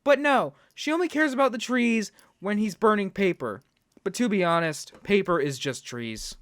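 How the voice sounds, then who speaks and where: Dude ranting sarcastic reaction commentary, kinda high voice, dry close mic. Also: male voice, lively intonation, moderate pace, a bit bright, no echo. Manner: sarcastic, ranting, mocks with put-on quotes. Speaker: reaction video host.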